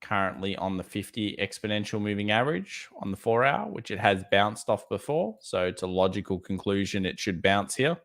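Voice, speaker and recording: Blunt, casual Australian man, lower voice. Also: expressive, fairly quick, hardly any pauses, fairly bright tone. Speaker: trading livestream host. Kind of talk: live market commentary reading chat.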